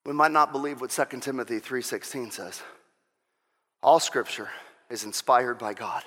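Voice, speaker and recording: A man preaching a sermon with impassioned delivery, swinging between shouted exhortations and quieter teaching and firing off repeated rhetorical questions. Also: mid-range voice, moderate pace. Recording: long hall reverb.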